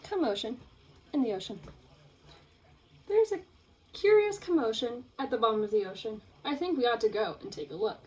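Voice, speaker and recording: A young woman teacher reading a picture book aloud to children, in an expressive, playful storytelling way. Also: fairly high pitch, normal speed, long pauses, a little hiss or hum, low-quality recording.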